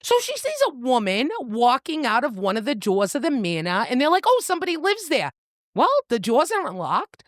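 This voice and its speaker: A woman's voice: on the high side, sing-song, normal speed, few pauses, no room sound, studio quality. A woman co-hosting a book podcast, casually retelling a novel's plot in a playful, swearing, storytelling way.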